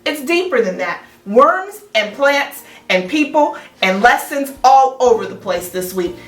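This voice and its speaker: A woman's voice: on the high side, expressive, measured pace. A woman teaching a children's Sabbath school class, chatting playfully and teasing as she talks through the lesson with a child. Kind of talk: casual chat with a child. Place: church. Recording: echoey room, distant mic, soft music.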